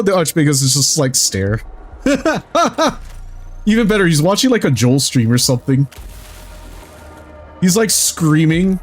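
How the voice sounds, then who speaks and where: A man streaming a video game in casual chat, excitable, swearing freely and laughing often while he yells at the game. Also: a little high, a little slow, long pauses, soft background music.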